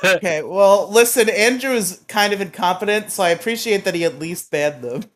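A man's voice: sits high, lively intonation, normal speed, a bit bright. A man co-hosting a podcast, telling rambling stories with laughs and swearing. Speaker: podcast co-host. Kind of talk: casual podcast chat.

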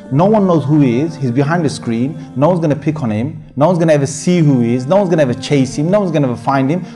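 A man's voice: medium pitch, warm tone. A man giving an informal sermon as a sheikh, talking conversationally, repeating his phrases and breaking into Arabic recitation.

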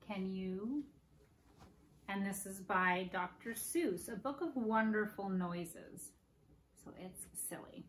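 A woman hosting preschool story time, reading picture books aloud in a slow, sing-song way and playfully acting out animal noises for children. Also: mid-range voice, roomy sound, a little hiss or hum.

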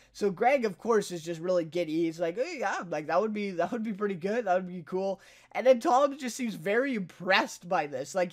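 Young male reviewer, light high voice, casual filler-laden recap. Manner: chatty, filler-heavy, laughs while retelling scenes.

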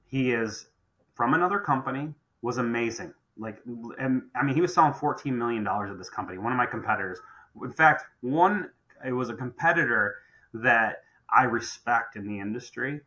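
A man's voice: medium pitch, lively intonation, fairly quick, pushed and bright, low-quality recording. A middle-aged man who runs a contracting business, talking emphatically on a podcast and often repeating phrases as he restarts. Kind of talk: podcast conversation.

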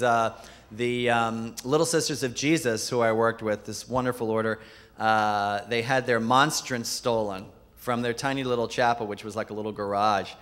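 A man's voice: mid-range voice, a bit bright. A man, a Jesuit priest, giving a keynote talk full of funny anecdotes, dropping his voice to deliver quoted punchlines. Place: large conference hall. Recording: long hall reverb.

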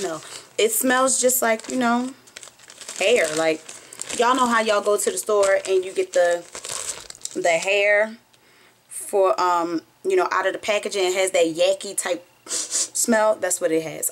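A young woman with a Southern US accent, chatting excitedly as she unboxes a package for her vlog, recorded on a phone at home. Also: mid-range voice, unhurried. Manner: chatty, bubbly and excitable, squeals with delight. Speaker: beauty vlogger. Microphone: phone camera.

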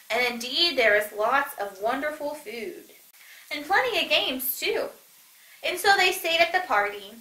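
Woman storyteller, bright and expressive, reads a picture book in a roomy space. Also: unhurried. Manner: animated, voices each animal with pitch jumps. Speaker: children's story reader. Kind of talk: reading a picture book aloud. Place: church. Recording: echoey room.

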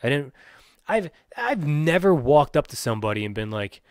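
Profane ranting podcast host, dry sound. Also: male voice, a little high, sing-song, moderate pace, clear, resonant tone, no room sound. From Pennsylvania. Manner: profane, ranting, many restarts and fillers.

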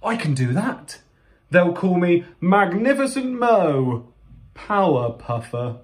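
An eager young male raccoon hero from a storybook, boastful and restless, as a man puts him on. His voice sits raised and swoops widely, stretching big words out slowly and dramatically. Every line sounds like a bold announcement. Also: sits high, sing-song, pitched above the performer's own voice, exaggerated voice.

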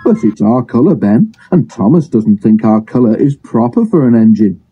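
A man putting on a cheeky young male tank engine for a storybook tale, teasing and mischievous. The voice sits mid-pitch on a dull, lo-fi phone recording. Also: expressive, moderate pace, slight background noise, natural voice.

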